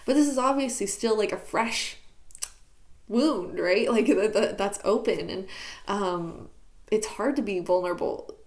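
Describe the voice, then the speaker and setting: A woman's voice: mid-range voice, measured pace, a little mellow. A woman talking candidly in a reflective personal vlog, searching for words with many fillers, recorded in her bedroom. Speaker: YouTuber. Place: bedroom at home.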